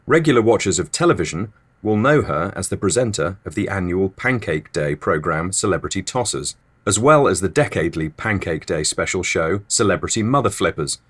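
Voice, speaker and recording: A man hosting a comedy podcast with a dry, mock-formal deadpan delivery. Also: low voice, brisk. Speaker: podcast host.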